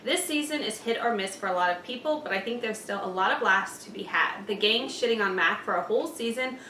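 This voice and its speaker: A woman's voice: medium pitch, animated, a little fast, bright, forceful tone. A woman hosting a reaction channel, reading viewer comments aloud in a chatty way. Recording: echoey room, distant mic, faint noise.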